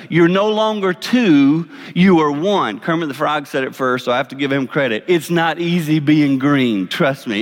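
A man in his fifties with a South Carolina accent gives a folksy, animated sermon with an object lesson. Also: high-pitched. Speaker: speaker. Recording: long reverb of a large hall.

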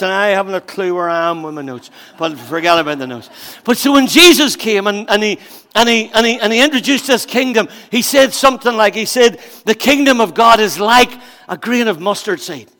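Male preacher, high bright voice; storyteller who drops to asides and then bursts out loud. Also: animated, a little fast, in a large hall. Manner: storytelling with acted-out voices, swings between quiet asides and loud emphatic bursts. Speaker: pastor. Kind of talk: sermon.

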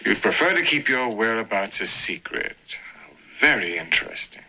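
A sly, scheming film character. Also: male voice, lowish voice, big pitch swings, moderate pace, bright, forceful tone, exaggerated voice. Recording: muffled film soundtrack with faint noise.

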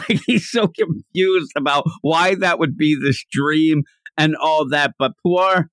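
A man's voice: on the high side, measured pace, a bit bright, no room sound. A man co-hosting a podcast, chatting casually as he recaps a comic and acts out the characters' lines. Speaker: podcast co-host.

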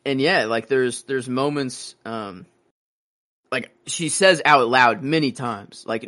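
A man's voice: medium pitch, a little slow, bright, forceful tone. A man co-hosting a casual movie-discussion podcast, rambling and acting out scenes in character voices. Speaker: podcast co-host.

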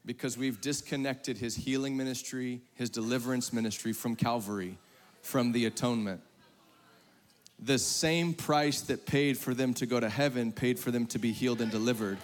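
A man preaching a sermon to a live congregation, talking conversationally and calling on the audience, moving between loud emphatic bursts and hushed, low passages. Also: moderate pace. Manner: conversational, calls on the audience to raise hands. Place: large hall with a congregation. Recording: long hall reverb.

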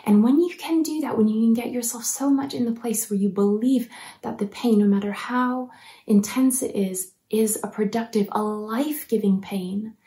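A woman preaching a sermon in an earnest, encouraging way, at times dropping to a soft near-whisper. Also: on the high side.

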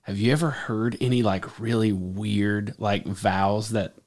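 A man's voice: lowish voice, steady tone, measured pace, a little mellow. A man who speaks on stage every week as a pastor, chatting casually and teasing his co-host. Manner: playful, teasing. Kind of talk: casual chat.

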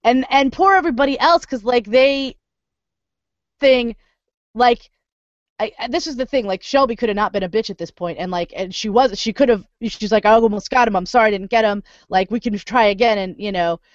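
A woman chatting casually on a podcast, animated and profane, swinging into loud indignant rants. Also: medium pitch, no echo, lo-fi sound. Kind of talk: casual chat.

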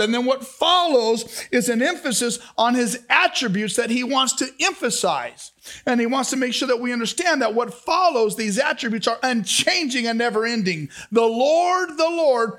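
A man with a very high voice preaches a lively sermon. He drops to soft asides, then rises to loud emphasis, and keeps asking his listeners for answers. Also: moderate pace. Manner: talks back and forth with the congregation. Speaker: pastor.

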